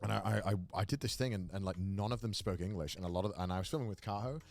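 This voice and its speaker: A man chatting casually with friends, telling animated stories and acting out what people said. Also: on the low side, fast talker, vocal fry, soft background music. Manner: animated storyteller, acts out quotes. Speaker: streamer. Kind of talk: casual podcast chat. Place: lives in Japan.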